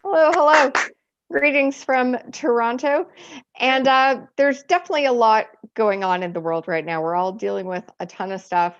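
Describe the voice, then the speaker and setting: A woman in her forties performs a chatty, self-mocking stand-up set and laughs at her own jokes. Her voice is fairly high and her pace moderate, captured in lo-fi stream audio.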